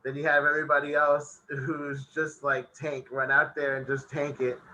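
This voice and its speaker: A man chatting on a casual podcast, recapping an episode in easy, rambling sentences. He laughs often as he goes. His voice is very bright and forceful. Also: on the high side, level tone, moderate pace, rough recording. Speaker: podcast co-host.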